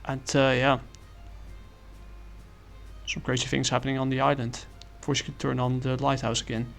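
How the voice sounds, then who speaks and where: A man talks casually through a comic review in a gravelly, mid-pitched voice. He rambles, with many fillers and apologies, while faint music plays underneath. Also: little pitch movement, moderate pace.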